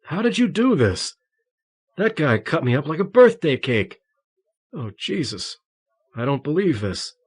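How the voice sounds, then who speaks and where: A man's voice: a little high, big pitch swings, unhurried, pauses often, husky, pitched above the performer's own voice, exaggerated voice. A male audiobook reader voicing a young male teacher just recovered from torture, ragged and agitated. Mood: shaken.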